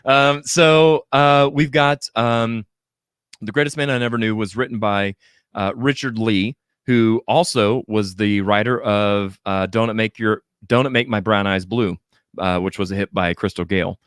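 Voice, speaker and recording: A man's voice: fairly low pitch, steady tone, measured pace, a bit bright, clean tone, no room sound, clean studio sound. A man in his thirties hosting a casual music podcast, talking in a rambling way with lots of fillers. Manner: rambling, filler-heavy, enthusiastic. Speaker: podcast host.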